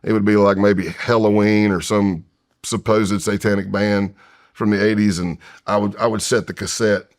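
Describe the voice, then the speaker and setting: Speaking at a normal speed in a fairly low, steady voice, this American man in his fifties, a former federal agent, rambles candidly through a long personal story as a podcast guest, frequently starting over.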